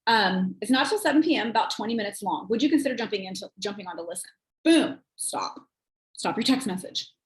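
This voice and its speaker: A woman and sales team leader giving casual coaching talk, chatty and rambling, acting out quoted texts in a higher voice. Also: roomy sound, poor audio.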